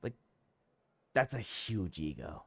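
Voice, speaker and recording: A man streaming a city-building game, talking casually and mocking the characters and game mechanics in an animated, sarcastic way. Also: low voice, takes it slowly, creaky, husky. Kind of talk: casual let's-play commentary.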